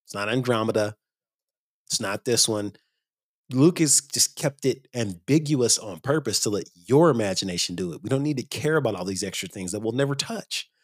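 A man's voice: on the low side, lively intonation, normal speed, no room sound, studio quality. A man hosting a casual podcast, opinionated and emphatic when he gets going. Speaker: podcast host.

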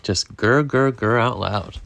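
A kindly father tiger coaxes his cub along in a storybook reading, voiced by a man close to his own voice. He speaks slowly and reassuringly, with a gravelly texture. The tone stays warm and patient. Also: mid-range voice. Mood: encouraging. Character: gentle, encouraging father tiger. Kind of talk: reading a picture book aloud.

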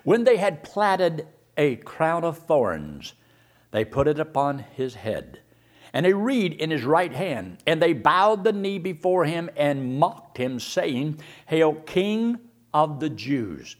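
A man's voice: a little high, sing-song, slow. A man preaching a sermon, firing rhetorical questions and reading scripture aloud.

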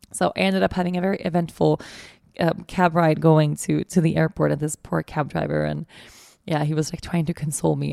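Gravelly-voiced woman telling a personal story. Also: on the low side, mellow, no room sound, studio quality. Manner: candid, rambling, many fillers. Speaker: podcast host.

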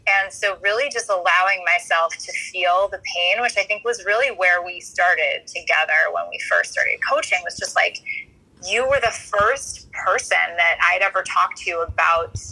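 A woman guest on a podcast, telling her story in an earnest, animated way. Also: lowish voice, breathy edge, low-quality recording. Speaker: coaching client and guest. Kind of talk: casual podcast interview.

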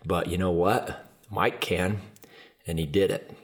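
A man's voice: sits low, fairly even intonation, measured pace. A man hosting a podcast and telling a personal story in an earnest, conversational way, with frequent "like" fillers. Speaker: podcast host. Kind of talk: casual storytelling.

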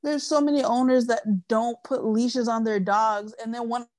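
A woman's voice: fairly high pitch, fairly even intonation, moderate pace, darkish tone, no echo. A woman co-hosting a casual chat podcast, speaking emphatically and rambling with many restarts. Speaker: podcast co-host.

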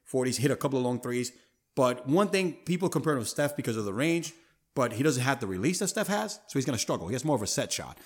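A man hosting a sports talk show, his pitch swinging up and down as he makes his points. He talks emphatically and leans on casual slang. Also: fast talker. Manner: animated, emphatic, street slang. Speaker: podcast host.

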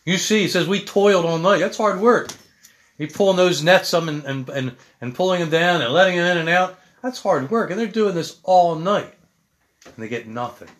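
A man's voice: high-pitched, expressive, moderate pace, fairly bright tone. A male pastor who reads a Bible passage aloud and then preaches about it in an earnest, conversational way. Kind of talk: sermon.

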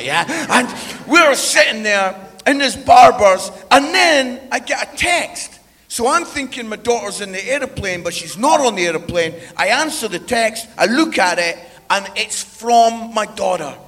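A man's voice: high-pitched, slightly rough, long reverb tail. A middle-aged Scottish man preaching with humor, telling a family story and checking in with the crowd with "yeah?". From Scotland. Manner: animated, tags lines with "yeah?".

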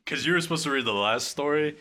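Laid-back co-host, man, bright voice. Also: a little high, quick pace. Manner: laid-back storyteller, laughs often. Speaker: podcast co-host. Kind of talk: casual chat.

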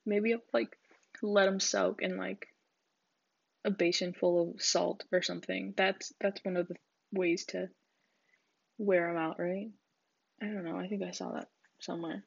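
Young woman chatting away solo, lots of likes and giggles, husky fry-y voice, kinda dull lo-fi sound. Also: fairly low pitch, steady tone, measured pace, pauses often, no echo. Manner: rambling, giggly, filler-heavy. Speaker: podcast host. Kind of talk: casual solo chat. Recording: dull lo-fi recording.

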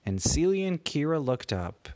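A man improvising a bedtime story for a child, animated and stopping to ask the child questions. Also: on the high side, moderate pace. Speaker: parent telling a bedtime story.

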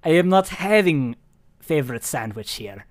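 A man's voice: a little high, big pitch swings, normal speed. A man voicing a gloomy deli owner with a put-on Russian accent and broken English. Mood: mournful. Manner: broken English, mournful and theatrical.

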